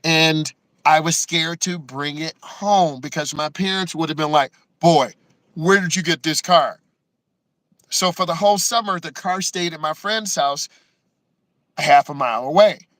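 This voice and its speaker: Driving instructor guy, bright tense voice, dry close sound, emotional storytelling, keeps saying right?. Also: a little high, normal speed, no echo, poor audio. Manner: emotional, acts out quotes with many "right?" asides. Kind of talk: personal storytelling to the camera.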